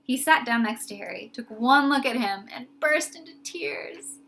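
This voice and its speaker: Bright-voiced woman reading a storybook aloud. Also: on the high side, moderate pace, creaky, a little hiss or hum. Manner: lively, expressive reading. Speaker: audiobook reader.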